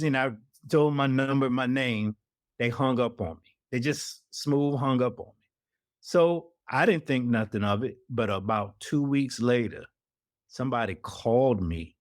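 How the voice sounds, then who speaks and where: A man's voice: medium pitch, no room sound, clean studio sound. A middle-aged man, an investigative reporter telling a story in an interview and acting out the people he quotes. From Atlanta, US South.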